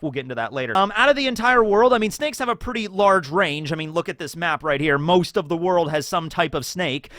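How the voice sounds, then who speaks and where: A man's voice: on the high side, sharp tone, no room sound, clean studio sound. A young man hosting a casual commentary video, rambling and joking with lots of fillers. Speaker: YouTube channel host.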